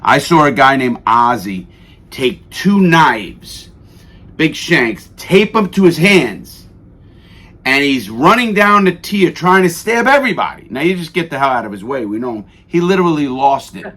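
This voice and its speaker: A middle-aged man telling prison stories on a radio show, profane and animated, cursing freely. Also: a little high, unhurried. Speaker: guest. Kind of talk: radio interview storytelling.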